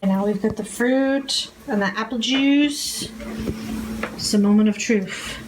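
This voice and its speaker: A woman's voice: fairly high pitch, measured pace, roomy sound, background noise. A woman chatting casually in a home kitchen, telling stories and laughing as she goes. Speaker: vlogger. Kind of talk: casual chat.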